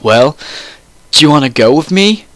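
A man's voice: fairly high pitch, expressive, moderate pace, fairly bright tone, dry recording. Brief: bashful schoolboy wizard with a crush, man doing the voice, dry close sound. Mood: shy.

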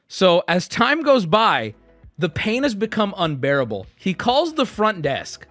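A man's voice: high-pitched, fairly bright tone, no room sound. A male streamer hosting his show and telling a story in casual, profane style, laughing often as he talks. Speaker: streamer host.

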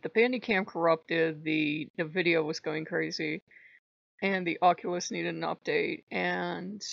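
Gravelly-voiced woman telling an exasperated story. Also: fairly low pitch, dry recording, lo-fi sound. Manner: animated, exasperated storytelling with frequent laughs. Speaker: vlogger on a spirituality channel. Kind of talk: casual chat.

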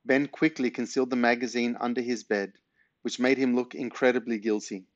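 Man reading a kids' book, middle pitch, dry dull sound. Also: steady tone, a little fast, no echo. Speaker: reader. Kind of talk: reading a children's book aloud.

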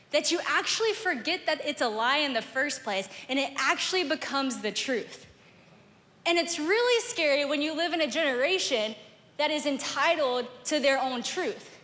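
A young woman, a guest speaker telling a story in a sermon, animated and acting out both sides of a conversation on a stage microphone in a large church auditorium. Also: high voice, long reverb tail. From Southern United States. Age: young adult.

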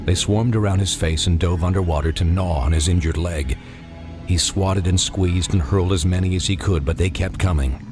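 A man narrating a dark audiobook in measured, dramatic storytelling. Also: low voice. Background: music.

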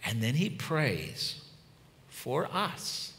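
Bright-voiced pastor in a reverberant hall. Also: male voice, mid-range voice, wildly swooping pitch, drawn-out words. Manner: conversational, swings from loud emphatic to hushed and soft. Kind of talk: sermon. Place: church hall.

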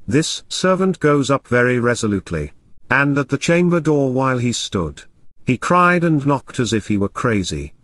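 Man narrating an audiobook, lively tone. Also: medium pitch, dry recording, clean studio sound. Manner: measured storytelling.

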